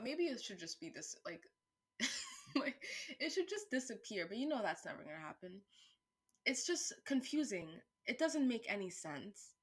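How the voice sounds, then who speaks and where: A woman vlogger thinking aloud in a casual monologue, rambling with restarts, swearing freely, and turning louder and higher when worked up. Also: normal speed, breathy edge. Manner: animated, rising pitch and volume when worked up.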